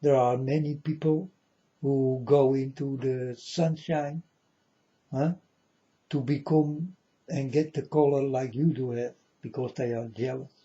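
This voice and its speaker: A man's voice: mid-range voice, fairly even intonation, measured pace, warm tone, muffled recording. A man talking straight to his viewers in a rambling, earnest monologue, calling them folks and insisting he is serious.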